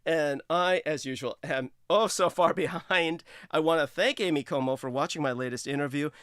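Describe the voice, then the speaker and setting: Man, livestream host, effusive, halting fillers, smooth resonant voice, dry sound. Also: a bit bright, no room sound. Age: 30s. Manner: effusive, hesitant with fillers, sudden high exclamations. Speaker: show host. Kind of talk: casual livestream talk.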